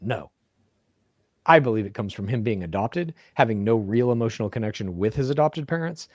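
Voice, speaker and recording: A man's voice: lowish voice, expressive, brisk, no echo. Casual young man, dry close sound. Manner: loose, swearing, jokey asides. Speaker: podcast co-host. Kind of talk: casual chat reading viewer comments.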